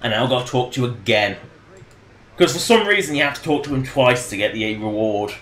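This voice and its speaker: A man's voice: medium pitch, lively intonation, brisk, a bit bright, roomy sound, a little hiss or hum. A man casually commenting on his game during a livestream, rambling and joking and laughing at his own jokes. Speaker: game streamer.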